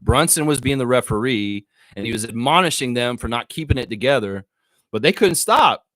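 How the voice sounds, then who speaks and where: A man hosting a casual live sports chat show, excitable, slangy and profane, rambling and talking straight to his audience. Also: mid-range voice, a little fast. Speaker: sports talk show host.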